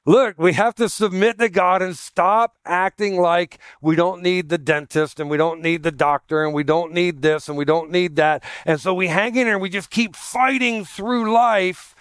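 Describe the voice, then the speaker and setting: A man preaching a sermon and telling a humorous story about himself in a conversational, self-deprecating way, putting on lively voices for the people he quotes. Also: sits high, moderate pace, hardly any pauses, clear, resonant tone, no echo, studio quality. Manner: animated voicing of quoted people. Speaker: pastor.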